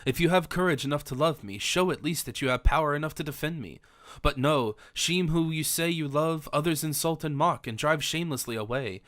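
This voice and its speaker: A man's voice: fairly high pitch, a little fast, a bit bright, no room sound, clean studio sound, close to an everyday voice. Man reading a distraught pleading young woman. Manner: imploring, formal old-fashioned speech. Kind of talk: audiobook character reading.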